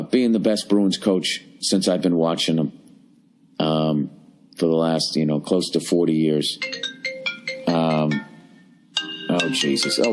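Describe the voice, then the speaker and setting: A man's voice: low voice, a little mellow. A man in his forties ranting and grumbling through a profane solo comedy podcast from a hotel room. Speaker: podcast host.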